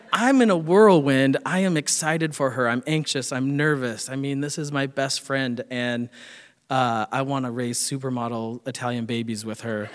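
A man telling a true personal story on stage in an animated, self-mocking way. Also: mid-range voice, big-room sound.

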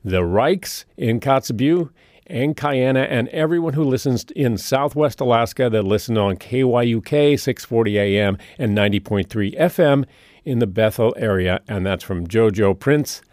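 A man's voice: medium pitch, normal speed, a little mellow, no echo. Radio call-in host, male, friendly conversational delivery, dry studio mic.

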